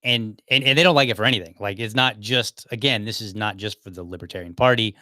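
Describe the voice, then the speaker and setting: A man's voice: on the low side, quick pace, sharp tone, no room sound, clean studio sound. A man in his thirties hosting a solo podcast, talking casually and with exasperation, full of restarts and quoted asides. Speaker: podcast host.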